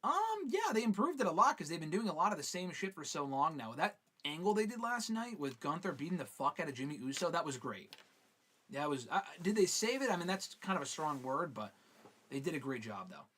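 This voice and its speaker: Animated man reading fan questions. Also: on the high side, brisk, husky. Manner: swearing, animated, reads viewer questions aloud. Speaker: host answering fan questions. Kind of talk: live casual chat.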